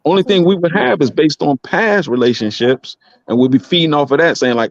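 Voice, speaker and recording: A man's voice: a little high, lively intonation, fairly quick, no room sound, lo-fi sound. A man, an independent wrestler, talking as a guest in casual podcast chat, blunt and profane, rambling with lots of restarts.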